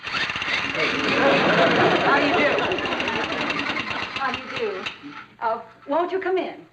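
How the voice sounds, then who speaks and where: A woman's voice: high voice, sing-song, extremely slow, heavily acted. A polite, flustered mother. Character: gentle middle-aged mother. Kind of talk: 1960s sitcom acting. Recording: TV audio with loud laugh track and noise.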